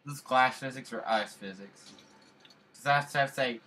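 A man talks through a puzzle game in casual let's play commentary. His voice is bright and sharp at an average pitch. He rambles, jokes and repeats silly phrases over and over. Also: normal speed, rough recording. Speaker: gamer.

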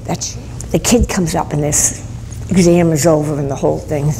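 A Catholic nun telling stories in an animated sermon to a school audience, with sudden bursts of emphasis. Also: female voice, low-pitched, moderate pace, gravelly. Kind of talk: storytelling sermon. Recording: hall recording with faint ambient noise.

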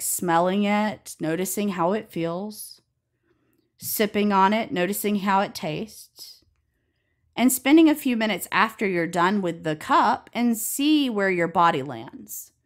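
Middle-aged woman, Alabama accent, chatty herbalist guest, relaxed and easygoing. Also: mid-range voice, a little slow. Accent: Southern US (Alabama). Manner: relaxed, chatty, laughs easily, says y'all. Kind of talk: conversational explanation.

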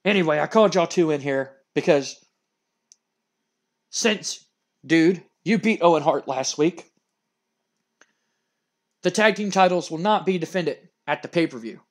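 Casting: a man doing a curt, bossy promoter, slightly lower than his usual voice. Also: unhurried, pauses often. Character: bossy middle-aged male wrestling promoter.

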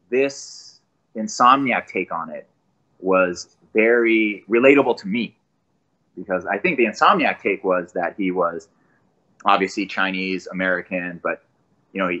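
A man's voice: lowish voice, highs cut off. A man, a voice actor guest, talking enthusiastically in a casual podcast interview. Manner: enthusiastic, animated storyteller.

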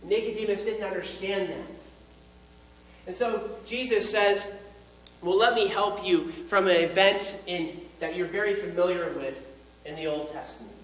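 A man teaching the Bible as a preacher, speaking earnestly and emphatically, slowing down on key lines. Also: high voice, roomy sound, a little hiss or hum, low-quality recording.

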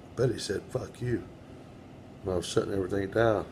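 A man's voice: lowish voice, brisk, heavy background noise. A man in his own house running a spirit box session, speaking casually with blunt, profane defiance and talking back to whatever he hears. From United States. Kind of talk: casual talk to camera and to spirits.

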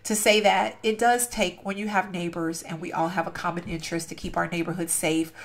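A woman's voice: on the low side, level tone, a little fast. Young woman host, casual game commentary, gushing and rambling, easily sidetracked. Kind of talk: casual gameplay commentary and storytelling.

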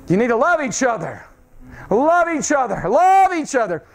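A man's voice: very high-pitched, big pitch swings, unhurried, a little hiss or hum. A man preaching a revival sermon in a church, fervent and repetitive, calling out to the congregation. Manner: fervent, calls out to the congregation, repeats phrases. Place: church sanctuary.

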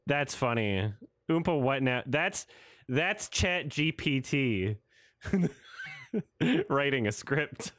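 A man's voice: mid-range voice, sing-song, drawn-out words, pauses often, a bit bright, no echo, clean studio sound. A man in his thirties doing casual, sarcastic reaction commentary on a trailer, laughing and swearing as he goes.

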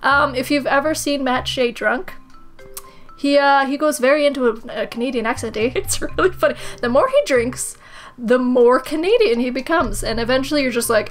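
High-voiced sarcastic woman gamer. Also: normal speed, faint music behind. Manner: animated and sarcastic, swings into high squeals and swearing. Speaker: gaming commentator. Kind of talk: let's play commentary.

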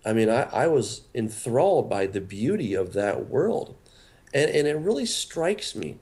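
A man's voice: mid-range voice, very animated, a little slow, a little mellow. A man, a pastor and author, talking earnestly as a radio interview guest, often repeating words as he starts a thought.

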